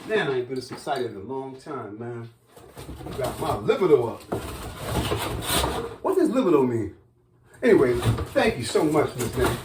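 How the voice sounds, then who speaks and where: A man chatting casually to his viewers while he cooks in a home kitchen, excitable and talking straight to the camera. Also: mid-range voice, moderate pace, long pauses, noisy background. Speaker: cooking vlogger. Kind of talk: casual cooking vlog.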